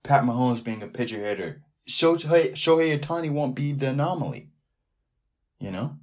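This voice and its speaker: A man hosting a sports podcast alone, talking in a loose, animated way that keeps drifting off into tangents. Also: medium pitch, normal speed. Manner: rambling, animated, riffs off on tangents. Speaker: podcast host. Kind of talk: casual sports podcast monologue.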